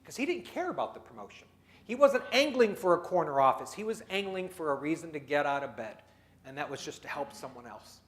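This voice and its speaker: A man with a notably high voice gives a motivational keynote at a dinner meeting. He tells stories, slips into the voices of the people in them, and gets the crowd to join in with little exercises. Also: very animated, brisk, fairly bright tone. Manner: storytelling, leads the audience through exercises; acts out quoted people in his stories. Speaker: keynote speaker.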